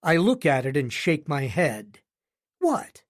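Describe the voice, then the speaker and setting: A man's voice: a little high, animated, a little slow. A man narrating a romance audiobook in first person with a wry, smug, joking manner.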